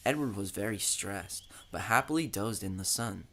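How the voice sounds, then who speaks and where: A man narrating a children's train story in an expressive, dramatic storytelling way. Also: lowish voice, normal speed.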